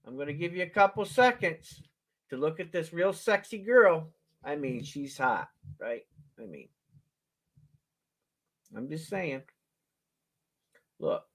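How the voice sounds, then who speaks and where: Man, coin auctioneer, lively up-and-down voice, slow drawn-out delivery, folksy joking patter. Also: on the high side. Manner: folksy, joking, laughs often; slow, drawn-out calls with animated countdowns. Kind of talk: casual live auction patter.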